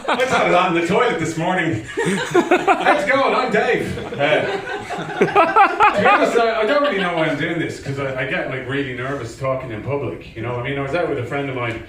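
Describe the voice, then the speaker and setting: A man's voice: fairly high pitch, rapid-fire, few pauses, a loud crowd. A young Irish man performing a self-deprecating stand-up set, telling stories with put-on voices. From Ireland. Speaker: stand-up comedian. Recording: roomy club sound from a distant mic.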